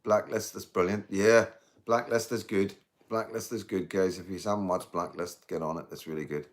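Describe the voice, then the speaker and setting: A Northern Irish man in his fifties talks on a casual live stream in a slightly low voice. He rambles earnestly and swears without a second thought. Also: fairly even intonation, moderate pace.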